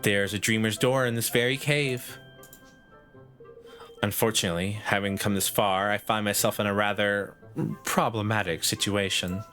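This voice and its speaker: A man's voice: on the low side, steady tone, moderate pace, pushed and bright, faint music behind. A man voicing a haughty woman professor who grades everyone, reading in a prim, lecturing Valley Girl lilt.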